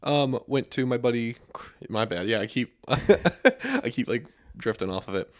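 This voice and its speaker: A man's voice: medium pitch, very animated, unhurried. A young man, a podcast guest, telling stories in a rambling, casual way with many restarts. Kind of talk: casual chat.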